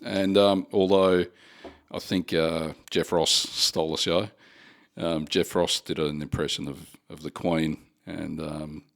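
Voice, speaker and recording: A man with an Australian accent and a very low voice, chatting as a podcast guest. He speaks bluntly, swears freely and grumbles with plain directness. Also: little pitch movement, unhurried, gravelly. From Western Australia. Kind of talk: casual podcast chat.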